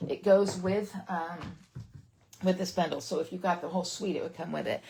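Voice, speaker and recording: Chatty woman with a gravelly, husky voice. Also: lowish voice. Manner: chatty, folksy, talks straight to viewers with frequent "okay?". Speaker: papercraft demonstrator. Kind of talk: casual craft tutorial livestream, reading viewer comments.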